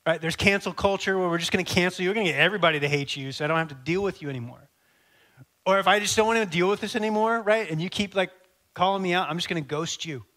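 Animated preacher man, slightly high voice. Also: fast. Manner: animated, acts out dialogue, conversational asides. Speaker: pastor. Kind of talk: sermon.

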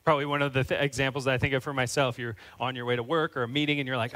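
A man's voice: medium pitch, little pitch movement, very fast, pushed and bright, poor audio. A man preaching a sermon as a pastor, earnest and building into fervent, emphatic questions.

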